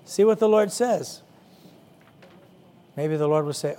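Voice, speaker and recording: Middle-aged male preacher, slightly high voice, relaxed sermon delivery with lots of fillers. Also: normal speed, pauses often. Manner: conversational, many "you know" fillers. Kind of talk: sermon to young people.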